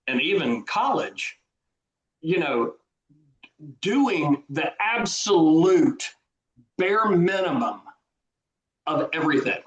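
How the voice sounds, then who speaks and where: Southern-drawling man in a roomy space. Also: fairly high pitch. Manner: slow drawling delivery with frequent restarts. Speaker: guest author. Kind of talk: casual interview chat. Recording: roomy echo.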